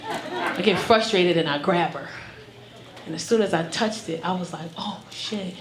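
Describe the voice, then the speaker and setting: A woman stand-up comedian telling a profane story on stage, with big shouted punchlines over a laughing audience. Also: on the low side, moderate pace, very noisy. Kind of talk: stand-up routine. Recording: echoey club with crowd laughter.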